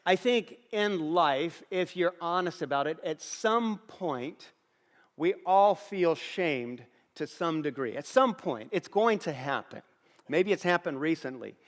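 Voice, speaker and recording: A man's voice: on the high side, animated, measured pace. A middle-aged man preaching a sermon as a pastor, earnest, telling stories and repeating phrases for emphasis. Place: church auditorium. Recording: long hall reverb.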